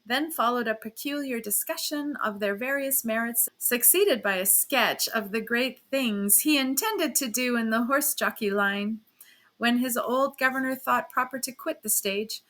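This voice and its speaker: Bright-voiced woman reading a classic novel. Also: on the high side, measured pace. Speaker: narrator.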